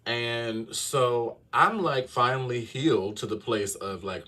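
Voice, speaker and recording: A male astrologer telling his viewers a personal story in a casual, animated way, often checking in with them. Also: medium pitch, unhurried, hardly any pauses, far from the mic. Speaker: astrologer and tarot reader.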